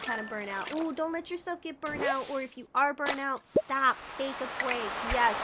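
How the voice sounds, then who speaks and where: High-pitched chatty woman streamer, noisy. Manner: chatty, giggly, talks to viewers by name. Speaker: game streamer. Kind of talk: casual live-stream chat while gaming. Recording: loud background noise with clicks.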